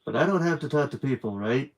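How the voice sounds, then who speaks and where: A man's voice: medium pitch, animated, fast talker, close to an everyday voice. Reluctant shy man, short mumbled replies, read by a man.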